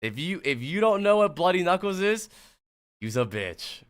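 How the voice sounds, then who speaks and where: A man's voice: sits high, sing-song, moderate pace, smooth. A young man from the US East Coast reviewing gameplay on a live stream, talking to chat in a blunt, profane and casual way. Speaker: streamer and coach.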